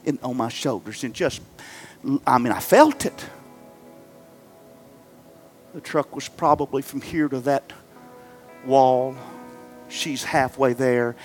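A middle-aged male pastor preaching to his congregation, moving from loud fervent exhortation to hushed, halting storytelling. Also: medium pitch. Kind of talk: sermon. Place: church sanctuary before a congregation.

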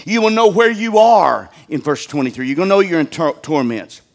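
An older man, a pastor, preaching a sermon in a plain-spoken folksy way, swinging between loud outbursts and quiet, low passages. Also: expressive, a little fast.

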